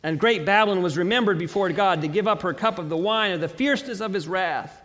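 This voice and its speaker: A man preaching a sermon, reading scripture aloud and building to dramatic, slowly emphasized declarations. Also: sits high, fairly bright tone, in a large hall. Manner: preaching with dramatic swells and slow emphatic pauses.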